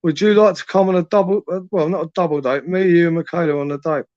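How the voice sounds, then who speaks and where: Man, young adult, livestream host, crude laddish banter, slightly high voice, muffled lo-fi audio. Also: steady tone, fast talker, a little mellow, dry recording. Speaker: livestream host reading chat. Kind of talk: late-night live chat.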